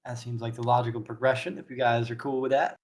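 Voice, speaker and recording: A man's voice: medium pitch, flat delivery, quick pace. A man narrating a tabletop game as game master, casual and a bit hesitant.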